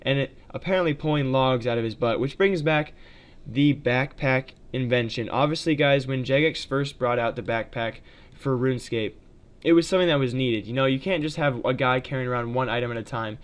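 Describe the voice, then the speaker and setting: Male gaming video creator, casual talk, smooth clear voice, mid pitch. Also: a little fast. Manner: chatty, addresses viewers as guys, many fillers. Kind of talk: casual gameplay commentary.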